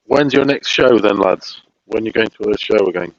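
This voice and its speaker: A somewhat low, gravelly-voiced man joins a casual boxing chat, laughing easily and quizzing the others. His audio sounds dull and low-fi. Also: moderate pace, no echo. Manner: laughs easily, asks questions. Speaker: guest on boxing stream. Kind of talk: casual live-stream chat.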